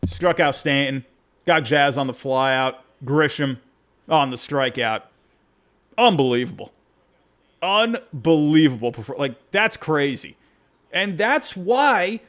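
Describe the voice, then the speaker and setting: A man hosting a postgame baseball reaction show, talking in an excitable, rambling way that keeps breaking off and restarting. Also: a little high, slow pace. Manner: excitable, rambling, self-interrupting. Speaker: podcast host.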